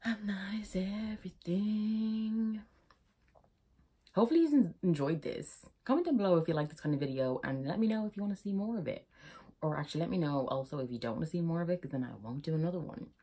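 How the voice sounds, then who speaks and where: Giggly Irish young woman with a husky voice. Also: low voice, expressive, rapid-fire, mellow. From Ireland. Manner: giggly and chatty, prone to laughing fits. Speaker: YouTuber. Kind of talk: casual vlog chat.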